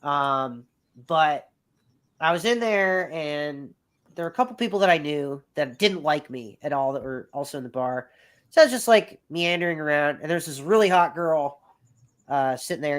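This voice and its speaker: A man's voice: fairly high pitch, lively intonation, normal speed, a bit bright. A man in his thirties telling a long personal story as a podcast guest, rambling and swearing freely. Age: 30s. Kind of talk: casual storytelling.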